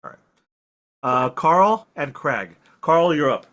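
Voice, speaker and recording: A man's voice: fairly high pitch, expressive, slow, a bit bright. A man running a tabletop game as game master, speaking in an easygoing, reassuring way.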